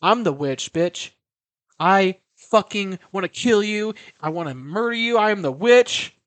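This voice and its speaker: A fed-up teenage girl hissing mock threats and swearing, as a man acts her out in his own, slightly raised voice. The voice is fairly high for a man and pushed a little louder. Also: animated, measured pace, dry recording. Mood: menacing.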